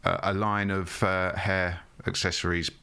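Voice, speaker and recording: A man's voice: low-pitched, flat delivery, unhurried, creaky, noisy background. A man co-hosting a comedy podcast, making dry, wry quips with laughs. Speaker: podcast co-host. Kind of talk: casual comedic chat.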